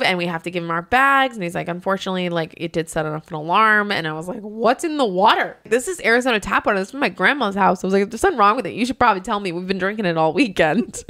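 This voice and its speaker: Casting: animated woman podcast host in her thirties, bright tone, laughs a lot while storytelling. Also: mid-range voice. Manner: animated, acts out quotes, laughs often. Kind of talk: casual storytelling chat.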